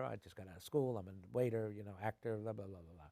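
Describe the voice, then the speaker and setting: A middle-aged man, an actor being interviewed, telling animated stories and acting out the people in them. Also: on the low side, quick pace, no echo, studio quality. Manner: animated anecdotes, acting out quoted voices. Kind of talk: conversational storytelling. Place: television studio.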